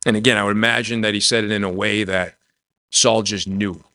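A man preaching a sermon in a conversational way, dropping soft and low when he voices quoted words. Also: steady tone, a little fast, no room sound, clean studio sound. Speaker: pastor.

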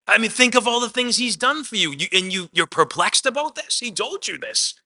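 A male pastor delivers a conversational sermon, his voice very bright and cutting, pitched a little high for a man. He leans hard on some lines and drops almost to a murmur on others, and he keeps slipping a casual "man" into his preaching. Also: animated, brisk. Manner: swings between loud emphatic lines and soft quiet asides.

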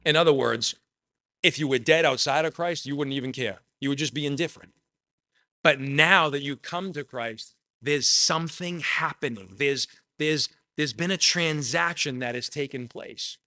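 Forceful, earnest male preacher. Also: fairly high pitch, normal speed, no room sound. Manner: earnest, repeats phrases for emphasis; shares personal testimony. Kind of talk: sermon.

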